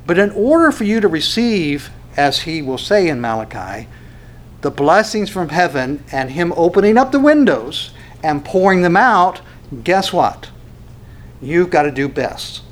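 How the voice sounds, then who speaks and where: A man preaching a sermon, animated, acting out quoted dialogue with frequent restarts. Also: fairly high pitch, measured pace. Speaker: pastor.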